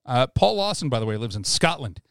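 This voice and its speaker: A man's voice: mid-range voice, sing-song, fairly quick, gravelly, clear, resonant tone, no echo, clean studio sound. A man co-hosting a casual hockey podcast, joking and laughing often. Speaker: podcast co-host.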